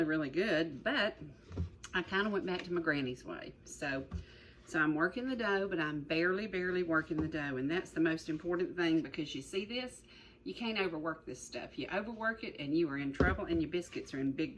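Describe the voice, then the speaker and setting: A middle-aged woman hosts a folksy cooking show, chatting and rambling as she demonstrates and repeating her words. Her voice is low-pitched, and the rough recording carries slight background noise.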